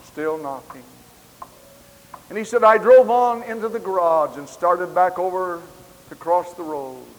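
A man preaching a camp meeting sermon, telling a story with impassioned delivery that rises to loud exclamations. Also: high voice, unhurried. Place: large camp meeting hall. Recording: long hall reverb with faint hiss.

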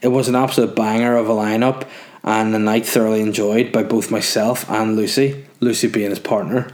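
A man's voice: fairly low pitch, fairly even intonation, a little fast, darkish tone. A man hosting a casual solo podcast, reading listener messages and answering them with crude jokes and rambling asides. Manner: crude, joking, rambling with frequent ums. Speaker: podcast host.

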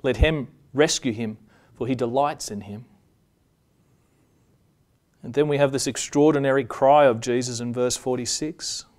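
A man preaching a sermon, reading scripture passages aloud in a measured way and slowing down on the solemn lines. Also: medium pitch, darkish tone.

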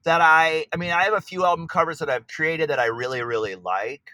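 Interview guest, male, bright and dry close sound, eager and rambling. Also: fairly high pitch, a little fast, no room sound. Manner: enthusiastic, searching for words. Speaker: pop artist guest. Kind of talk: interview conversation.

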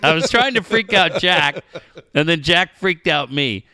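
Lively bright-voiced middle-aged man telling stories. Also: a little high, moderate pace, dry recording, studio quality. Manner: profane, storytelling, laughs often. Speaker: podcast co-host. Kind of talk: casual chat.

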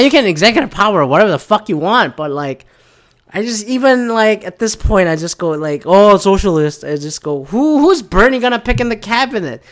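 A man's voice: sits high, fairly bright tone. Brief: male podcast host from Michigan, sweary, rambling, sarcastic political rant. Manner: profane, rambling, sarcastic, mocking voices of others.

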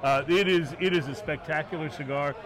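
Male podcast host, relaxed chatty delivery, slightly high voice. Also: brisk, crowd noise. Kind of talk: casual chat.

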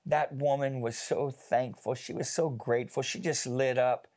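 A man telling a personal story in a casual faith discussion, chatty and animated, with many fillers. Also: mid-range voice, normal speed.

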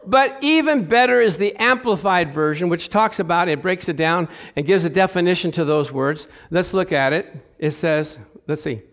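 A middle-aged pastor preaches with lively, animated energy. His voice sits high for a man and climbs louder through scripture readings. He drops into easy joking asides between verses. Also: moderate pace, hardly any pauses. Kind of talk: sermon.

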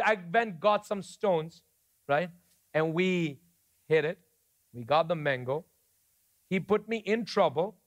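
High-voiced preacher. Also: male voice. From India. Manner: conversational preaching, shifting between soft storytelling and emphatic declarations. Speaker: pastor. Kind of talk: sermon.

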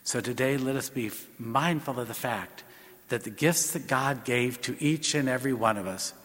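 A man preaching as a parish priest, retelling a personal story in an unhurried way and repeating what he was told. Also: medium pitch, a bit bright. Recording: long church reverb.

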